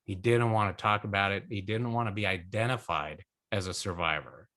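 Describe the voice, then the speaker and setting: A middle-aged man, son of a survivor, answering questions in an online talk in an earnest, measured, reflective way. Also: fairly low pitch, fairly bright tone. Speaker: guest speaker, son of a survivor.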